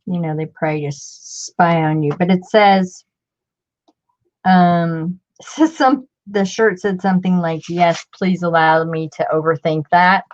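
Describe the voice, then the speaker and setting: A woman's voice: fairly low pitch, unhurried, lo-fi sound. A woman hosting a casual crafting chat, rambling and interrupting herself as she works. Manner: rambling, self-interrupting, chatty. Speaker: craft channel host.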